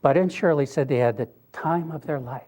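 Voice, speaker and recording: A man's voice: on the high side, brisk, a little mellow. An older man giving an earnest, conversational talk, telling a personal story with wry asides. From Pennsylvania, US. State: briefly choked up. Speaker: speaker.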